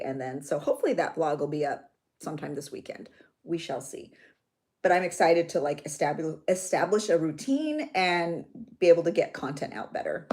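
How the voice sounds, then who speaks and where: A woman's voice: sits low, darkish tone. A woman in her thirties hosting a live chat for her journaling channel, bubbly and chatty, greeting viewers by name and laughing often.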